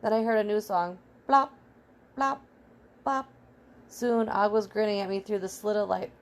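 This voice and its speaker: A woman's voice: medium pitch, a little fast, natural voice. A woman reading as a small brave male pet hamster, telling his adventure in first person. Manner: earnest, excitable first-person storytelling.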